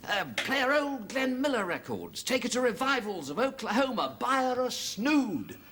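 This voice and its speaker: Chortling rogue. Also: male voice, very high-pitched, sing-song, normal speed, background noise. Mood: jovial. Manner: chortling, hearty, knowing. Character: jovial, roguish suburban male neighbour. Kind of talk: studio sitcom acting.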